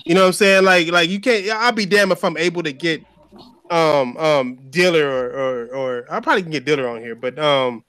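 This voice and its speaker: A man hosting a casual podcast chat, animated and slangy, repeating himself as he talks. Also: a little high, normal speed, smooth, no echo. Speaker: podcast host.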